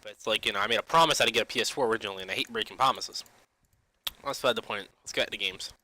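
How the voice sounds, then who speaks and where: A man's voice: on the low side, very fast, pushed and bright, slight background noise, low-quality recording. A young man ranting casually about games, padding nearly every phrase with "you know", restarting often and swearing now and then. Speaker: gaming vlogger. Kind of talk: rambling casual rant.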